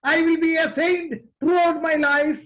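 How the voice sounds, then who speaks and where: A man's voice: very high voice, flat delivery, normal speed, fairly bright tone, voice pushed up, rough recording. A preacher playing a desperate man on a cliff. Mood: pleading. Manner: pleading, panicky.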